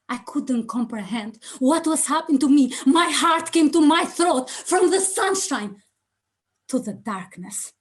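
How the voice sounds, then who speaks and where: A middle-aged woman giving a motivational contest speech, telling her story theatrically and swinging between hushed lines and loud cries. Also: fairly high pitch. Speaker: speaking contest speaker.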